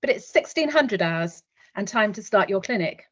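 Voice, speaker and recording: A woman's voice: medium pitch, expressive, moderate pace, a bit bright. A woman in her fifties, a retired military nurse, telling a vivid story in the second person as a guest speaker in an online webinar. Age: 50s. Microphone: video call. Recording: dull lo-fi online call audio.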